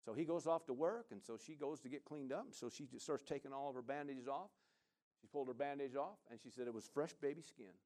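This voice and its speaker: A male pastor preaching a sermon, animated, with rambling, chatty asides to the congregation. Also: mid-range voice, brisk.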